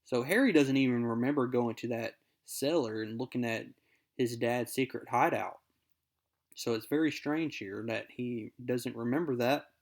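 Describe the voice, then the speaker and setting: A man's voice: medium pitch, moderate pace. Upbeat man recapping a comic. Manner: upbeat, reads character quotes aloud in a casual recap. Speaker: comic book reviewer.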